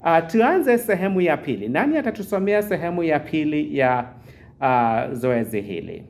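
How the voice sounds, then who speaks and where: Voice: mid-range voice, sing-song, darkish tone. Teacher speaking through a face mask. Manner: slow, careful pronunciation drills, switching between Swahili and English. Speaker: Swahili teacher. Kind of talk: classroom teaching.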